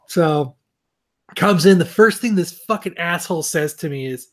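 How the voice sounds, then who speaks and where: Animated, swearing podcast man telling a story. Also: fairly high pitch, normal speed. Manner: animated, swears a lot, self-mocking. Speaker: podcast co-host. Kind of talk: casual storytelling chat.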